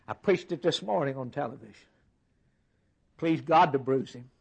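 A man's voice: medium pitch, moderate pace, vocal fry, long pauses, slightly rough, poor audio. A man preaching a sermon, stringing words into rhythmic, emphatic lists.

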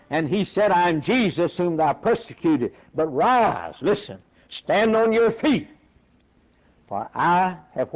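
A male preacher giving a sermon, animated, who breaks into a high emphatic voice for quoted lines and laughs between points. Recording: dull lo-fi recording.

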